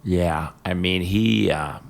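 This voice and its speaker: An older man from Ohio, a business executive as guest, telling stories about his family in a halting, reflective way with fillers. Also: low voice, vocal fry. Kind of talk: casual interview conversation.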